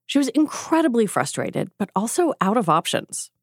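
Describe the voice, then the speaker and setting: A woman podcast host with a scratchy voice from a cold, narrating the story in a measured, explanatory way. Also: on the high side, wildly swooping pitch, gravelly, dry recording, clean studio sound, soft background music. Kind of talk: scripted narration and interviewing.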